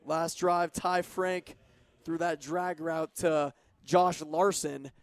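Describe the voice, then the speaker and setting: A young man calling football play-by-play on college radio, brisk and detailed about formations and yardage. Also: fairly high pitch, fairly even intonation, no room sound. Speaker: play-by-play announcer. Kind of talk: radio sports commentary.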